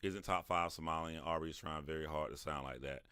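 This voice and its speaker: A deep-voiced man riffs through a casual livestream. His tone is bright and forceful, and he laughs often as he answers his chat. The close, dry mic leaves no room sound. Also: brisk, smooth, no room sound. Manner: animated, laughs often, talks back to chat. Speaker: livestream host.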